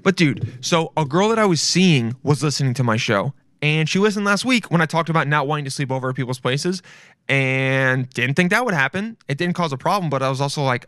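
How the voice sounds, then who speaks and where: A man's voice: a little high, lively intonation, brisk, a bit bright, no echo, studio quality. A young man hosting a casual solo podcast, talking in a loose, emphatic way and swearing freely. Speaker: podcast host.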